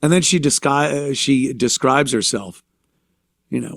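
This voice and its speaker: A man's voice: mid-range voice, unhurried, creaky, no echo, studio quality. A man hosting a talk show, ranting sarcastically with mocking, profane commentary. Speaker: show host.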